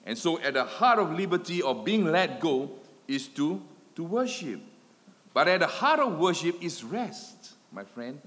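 A man's voice: a little high, big pitch swings, measured pace. A man preaching a sermon, swelling and dropping his volume with emphatic repetition, in a church hall. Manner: dramatic swells and drops in loudness, emphatic repetition. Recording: long hall reverb.

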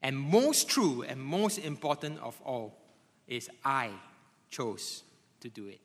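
A man preaching a sermon to a congregation, animated and conversational, often checking in with tag questions like "right?" and "okay?". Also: medium pitch, takes it slowly. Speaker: pastor. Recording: long hall reverb.

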